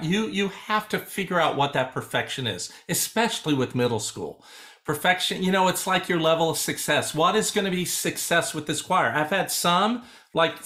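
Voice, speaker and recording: A man chatting on a video call about teaching choir, his voice sitting a little high. He tells stories with energy and slips into quoted voices of his students. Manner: animated storyteller, acts out quoted students. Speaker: choral music educator. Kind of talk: casual video-call conversation.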